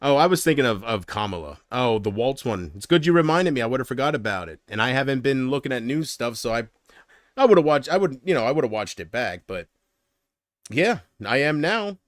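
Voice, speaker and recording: A man hosts his livestream with a mid-range, expressive voice and a brisk pace, rambling and swearing casually, laughing at his own jokes, and launching into loud mocking impressions. The recording is dry and studio quality.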